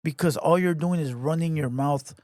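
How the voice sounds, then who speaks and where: A man's voice: on the high side, moderate pace, a little mellow, dry recording. A man ranting to camera, taunting and repeating himself in a confrontational way. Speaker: online commentator. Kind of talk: heated rant to camera. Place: home garage.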